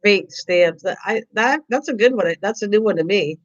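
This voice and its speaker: Excitable, chatty woman craft streamer, mid-pitched, rambling, muffled lo-fi audio. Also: brisk. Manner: excitable, rambling, repeats words. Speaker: craft livestream host. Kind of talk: casual chat reading viewer comments. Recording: dull lo-fi livestream audio.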